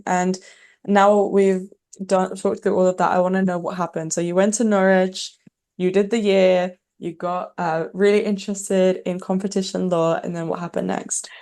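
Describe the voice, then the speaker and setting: A woman's voice: fairly low pitch, darkish tone. A woman hosting a podcast interview, affirming her guest and summing up her story before asking what came next. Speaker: podcast host.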